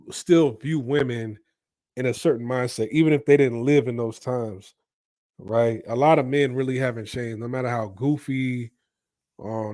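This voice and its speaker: A man's voice: medium pitch, no room sound, studio quality. A man hosting a commentary channel, giving his opinion in an emphatic, preachy way and often checking in with "right?".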